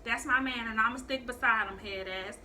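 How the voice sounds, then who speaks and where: A young woman telling a story on her vlog in a casual, profane, animated way, acting out the people she quotes. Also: on the high side, moderate pace, slight background noise.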